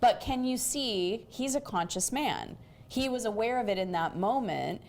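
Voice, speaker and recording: A woman's voice: a little high, animated, measured pace, a little mellow. A woman host giving relationship coaching, explaining things and often checking in with "right?".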